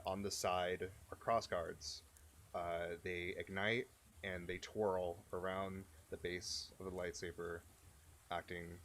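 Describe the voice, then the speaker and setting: A game master narrating a tabletop game in a deep voice, slow and hesitant with many fillers. A faint hiss sits behind the voice. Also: male voice, fairly bright tone.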